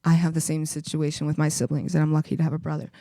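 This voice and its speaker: A woman's voice: low voice, completely flat delivery, racing, mellow, dry recording, clean studio sound. A woman guest on a podcast, chatting casually and hedging her points with lots of fillers. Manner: hedging, filler-heavy, laughs between points. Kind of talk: casual chat.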